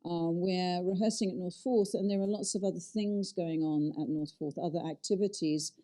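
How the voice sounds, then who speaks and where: A woman who directs and once taught drama, talking in a relaxed interview with many fillers and restarts. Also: lowish voice, moderate pace. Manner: chatty, animated, frequent fillers and restarts. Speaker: director and acting teacher. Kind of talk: casual interview talk.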